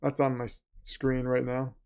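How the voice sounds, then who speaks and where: A man's voice: medium pitch, monotone, moderate pace, a little mellow, clear, resonant tone. A man hosting a casual live-stream watch party, reading the chat and joking sarcastically that he is the villain. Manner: chatty, sarcastic, jokingly self-styled villain.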